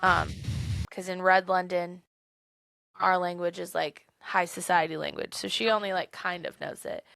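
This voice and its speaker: A woman co-host talking casually in an animated, chatty way, laughing often as she retells things. Her voice carries a gravelly fry, and the close mic sounds dry with no room around it. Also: fairly low pitch, normal speed, no echo. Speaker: podcast co-host. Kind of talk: casual book-club chat.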